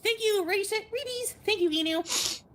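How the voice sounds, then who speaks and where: A woman's voice: very high voice, normal speed, slight background noise. A woman chatting casually on a livestream and greeting her viewers one by one by name. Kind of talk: casual live stream chat.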